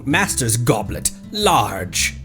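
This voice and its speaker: Casual male streamer, animated pitch, rambling and self-correcting, faint music underneath. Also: extremely slow. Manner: chatty, rambling, self-correcting, laughs easily. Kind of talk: casual gameplay chat.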